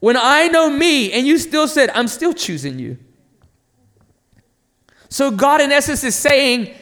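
This sermon comes from a man in his thirties from North Carolina, USA, whose very high voice rises and falls dramatically. He preaches with passionate animation, pleading and questioning the congregation rhetorically, and the audio has a big-room sound.

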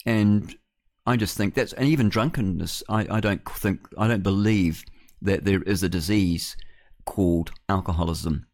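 A man's voice: sits low, measured pace, darkish tone, dry recording. A man hosting a talk radio show, blunt and scoffing, rambling through fillers. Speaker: radio host. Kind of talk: opinionated talk radio monologue.

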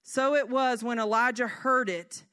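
A woman giving a devotional teaching in an earnest way, reading scripture slowly and at times dropping to a soft hush. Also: on the high side, fairly even intonation. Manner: earnest, slows down to read scripture. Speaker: speaker.

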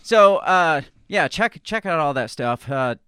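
A man's voice: a little high, lively intonation, unhurried, sharp tone, clear, resonant tone, dry recording, clean studio sound. A man hosting a podcast in a loose, joking way, chatting and laughing with a guest. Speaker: podcast host. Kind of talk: casual podcast chat.

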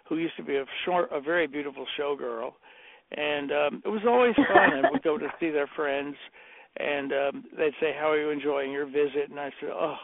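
An older man, a decorator telling rambling, animated anecdotes and acting out the quotes in a casual chat. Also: a little high, creaky, no room sound. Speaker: interior decorator guest. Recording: dry tinny phone-like audio.

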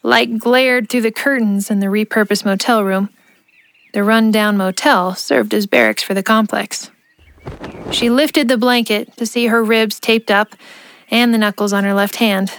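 A woman narrating an audio drama in a measured, expressive reading. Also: mid-range voice. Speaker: narrator and ad host.

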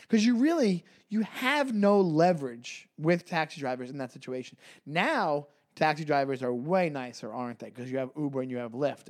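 New guy on a podcast, kinda high voice, gets loud doing the voices in his stories. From New York. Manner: animated, acts out quoted voices loudly. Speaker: podcast co-host. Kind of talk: casual storytelling chat.

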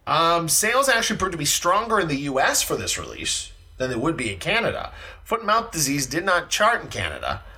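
A man co-hosting a casual music podcast, chatty and animated, with plenty of fillers and restarts. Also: fairly high pitch, a little fast. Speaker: podcast co-host.

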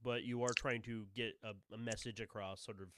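A man's voice: mid-range voice, steady tone, brisk, fairly bright tone, no room sound. A man narrating a tabletop game as game master, rambling and restarting his sentences as he describes the scene. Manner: rambling, full of fillers and restarts.

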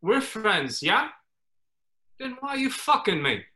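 A man's voice: high-pitched, very animated, exaggerated voice. Tom Nook, a man doing a Cockney raccoon mobster. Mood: menacing. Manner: slow, quietly threatening, clipped broken grammar. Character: menacing raccoon loan-shark mogul, male, cold and threatening. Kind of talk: comedy sketch table read over video call.

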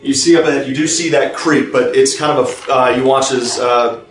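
A man narrating as game master of a tabletop game, pausing and restarting as he describes scenes. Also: medium pitch, fairly bright tone. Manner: halting, many fillers and restarts while describing scenes. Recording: roomy, distant mic, faint music behind.

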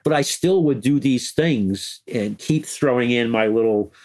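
Older man, medium voice, chatty interview guest, animated storyteller. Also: mid-range voice, measured pace. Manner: animated, chuckling storyteller who breaks into quoted voices. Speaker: interview guest, former music news editor.

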